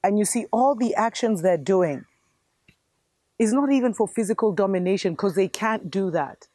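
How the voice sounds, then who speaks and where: A woman's voice: medium pitch, animated, normal speed, darkish tone, no room sound. A woman host giving an impassioned spiritual commentary monologue, fervent and preachy, calling her viewers family.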